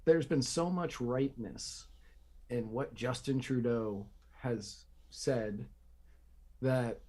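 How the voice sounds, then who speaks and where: A man's voice: mid-range voice, takes it slowly, mellow. A man hosting a political podcast, ranting sarcastically and repeating himself for emphasis. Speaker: podcast host. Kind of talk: casual political commentary.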